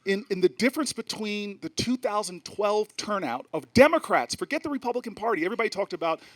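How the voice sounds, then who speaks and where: A middle-aged man from New Jersey holds the floor before a live audience, and his voice sits a little high for a man. He talks in an animated, rhetorical way, building points through repetition and personal stories. He often restarts phrases and drops fillers as he goes. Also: fast talker. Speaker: politician speaking to a festival audience. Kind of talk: animated speech with storytelling.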